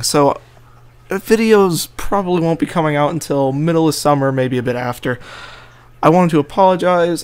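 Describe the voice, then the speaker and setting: A man's voice: a little high, smooth. Chatty young man hosting a let's play. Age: young adult. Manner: chatty, joking asides, reads game text aloud under his breath. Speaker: gaming channel host. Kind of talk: casual let's play commentary. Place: home room with a water fountain fish tank. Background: faint fish tank water trickling.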